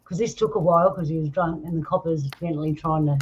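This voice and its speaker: A woman's voice: deep voice, steady tone, fast talker, a little mellow, husky. An Australian woman hosting a casual chat, telling stories and laughing often. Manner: chatty storyteller, laughs often. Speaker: host. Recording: dull lo-fi sound with faint noise.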